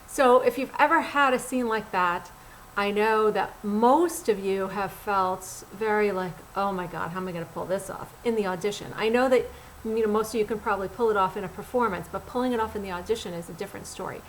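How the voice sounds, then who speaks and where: A middle-aged woman, a casting director and acting coach, giving acting tips straight to camera in a blunt, animated, conversational way. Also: mid-range voice, fairly quick, slight background noise, poor audio. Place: Los Angeles.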